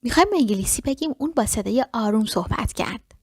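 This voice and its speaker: Woman teaching English slowly. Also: fairly high pitch, animated, husky, no room sound, studio quality. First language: Persian. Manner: repeats English phrases slowly and deliberately after quick explanations. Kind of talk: language lesson.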